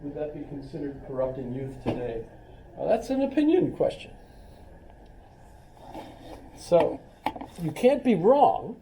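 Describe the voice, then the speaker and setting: A man's voice: fairly high pitch, animated, a little slow, long pauses, mellow, recorded from a distance, slight background noise. Rambling man lecturing in a roomy classroom. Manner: rambling and chatty, full of joking asides. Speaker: college philosophy instructor.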